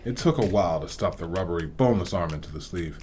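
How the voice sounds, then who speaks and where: Lively low-voiced male storyteller. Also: quick pace, faint music behind. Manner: expressive, varied delivery. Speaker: reader, host. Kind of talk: storybook read-aloud.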